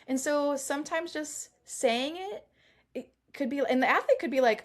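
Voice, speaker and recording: A middle-aged woman performance coach chatting as an interview guest, animated, laughing often and acting out the lines she quotes. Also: high voice, moderate pace. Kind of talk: casual interview chat.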